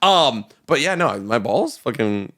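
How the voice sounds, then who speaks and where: A man co-hosting a podcast in crude, excitable casual banter, cursing often. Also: mid-range voice, measured pace. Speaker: podcast co-host. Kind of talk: casual chat.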